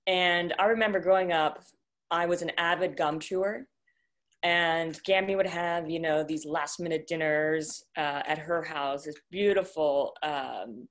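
A young woman with a lowish voice speaks over a video call from home. Her talk is halting and full of fillers, with an emotional catch as she recalls her grandmother and reads a eulogy. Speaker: granddaughter sharing memories. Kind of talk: casual remarks and reading a eulogy.

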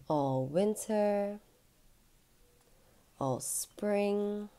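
Mom reading a kids storybook, sing-song, really lively ups and downs. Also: female voice, mid-range voice. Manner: animated, sing-song, drawn-out words. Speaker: mother reading to her son. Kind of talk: children's storybook read-aloud.

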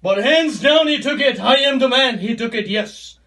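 A man preaching with a strikingly high, bright voice, swinging between hushed lines and shouting. He repeats his phrases for emphasis. He sounds set back from the microphone. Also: expressive, moderate pace, recorded from a distance. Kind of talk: sermon.

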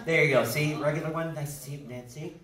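A man's voice: a little high, fast talker, very noisy. A man with a New Jersey accent hosts a live comedy stage show, teasing and joking with the audience. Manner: joking, teasing, animated banter with laughs. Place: indoor theater stage. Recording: echoey theater from far off, loud crowd.

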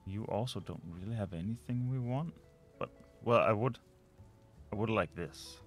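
A man's voice: fairly low pitch, normal speed, soft background music. A man casually commenting while he plays a management game, often muttering and trailing off as he thinks aloud. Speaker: let's play host.

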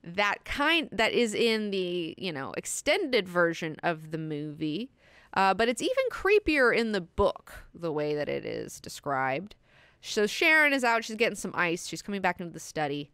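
A woman's voice: lowish voice, normal speed, clean tone, no echo, studio quality. A young adult woman hosting a book class, casually retelling a horror novel with lots of swearing and fillers. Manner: profane, animated retelling with fillers. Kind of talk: casual book discussion lesson.

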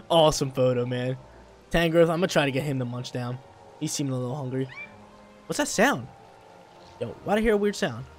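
Laid-back young man commenting on gameplay. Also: fairly high pitch. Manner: laid-back slangy chatter, bursts of loud excitement. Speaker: gameplay streamer.

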